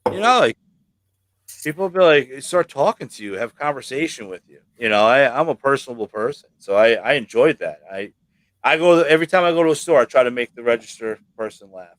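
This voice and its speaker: A man's voice: mid-range voice, lively intonation, a little fast, fairly bright tone. A man from New York with a New York accent, joking and swearing casually as host of a livestream chat.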